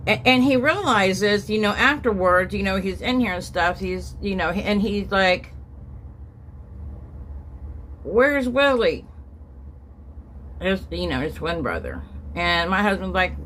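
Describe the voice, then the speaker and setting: A woman's voice: medium pitch, animated, normal speed, fairly bright tone, slight background noise. A middle-aged woman telling a rambling story at home while doing her makeup, acting out the quotes in a raised voice. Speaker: vlogger.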